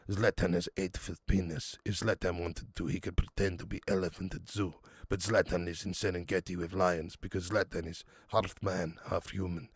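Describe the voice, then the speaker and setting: A man's voice: deep voice, breathy edge, dry recording, studio quality, pitched below the performer's own voice. A man putting on the voice of an arrogant male football star who brags in the third person. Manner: grandiose, deadpan bragging. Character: boastful deep-voiced male star striker, arrogant, talks about himself in the third person.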